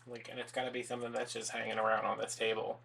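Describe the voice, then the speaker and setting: A man with a gravelly voice, wandering through joking, rambling asides as he works on a craft project. He talks casually to his viewers with a self-mocking streak. Steady background noise sits under his voice. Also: medium pitch, fast talker. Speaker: DIY craft vlogger. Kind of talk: casual crafting vlog chat. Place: crafting table indoors.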